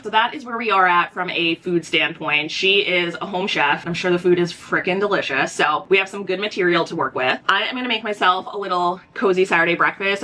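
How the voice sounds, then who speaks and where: A woman vlogging at home, retelling a story in an animated, gossipy way and saying "like" often. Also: medium pitch, a little hiss or hum. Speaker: book vlogger. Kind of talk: casual chatty vlog narration.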